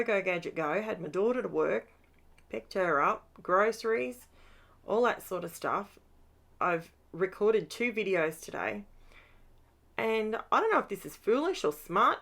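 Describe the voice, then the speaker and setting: A woman's voice: mid-range voice, animated, measured pace, vocal fry, a bit bright. A middle-aged woman, chatting casually as she narrates her scrapbooking, tired after a long day. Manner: chatty, upbeat, rambling asides. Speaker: craft vlogger.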